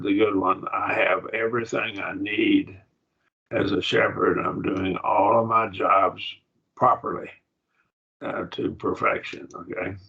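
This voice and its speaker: A man's voice: lowish voice, creaky, bright, forceful tone, slightly rough. A man teaching a classroom grammar lesson, patiently repeating words as he explains. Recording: dull lo-fi recording.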